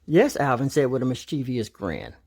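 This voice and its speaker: A man narrating a children's storybook aloud in an animated, expressive way. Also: medium pitch, moderate pace.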